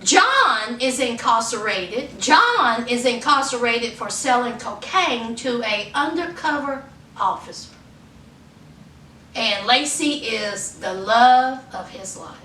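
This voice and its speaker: A woman's voice: on the high side, expressive, takes it slowly, pushed and bright. A woman from Virginia recapping a reality show in a sassy, laughing, chatty way. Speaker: vlogger. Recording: echoey room, distant mic, faint noise.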